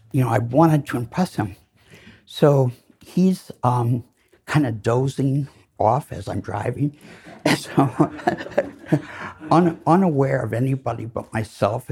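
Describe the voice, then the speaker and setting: In a lecture hall, an older man with a husky, gravelly, darkish mid-range voice gives a talk. He wanders through self-deprecating anecdotes crammed with filler words.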